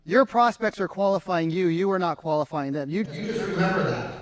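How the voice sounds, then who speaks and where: A man giving an energetic sales seminar to a live room, firing questions at the crowd. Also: sits high, fairly quick. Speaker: sales trainer. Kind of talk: live seminar talk to an audience. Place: meeting room with an audience.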